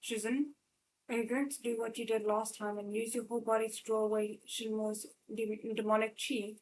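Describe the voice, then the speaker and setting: A woman's voice: on the high side, little pitch movement, normal speed, a little hiss or hum, lightly acted, low-quality recording. A woman reading a novel aloud, voicing a tearful young male disciple who pleads in a quivering, cracking voice. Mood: hurt. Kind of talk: live read-aloud of a novel.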